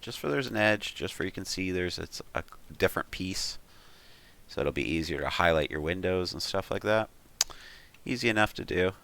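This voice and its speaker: A man's voice: low voice, animated, normal speed, gravelly, a bit bright. A man hosting a 3D modeling tutorial, talking casually and thinking aloud with frequent ums and uhs as he talks the viewer through each step. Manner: talks the viewer through steps with "we'll" and "you could". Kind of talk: casual screen-recorded tutorial.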